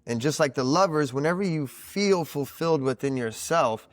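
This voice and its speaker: A man's voice: a little high, lively intonation, moderate pace, no room sound, faint music behind. A man talking as a podcast guest in casual conversation, explaining ideas in a reflective, teacherly way with plenty of "like" fillers. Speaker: podcast guest, card reader.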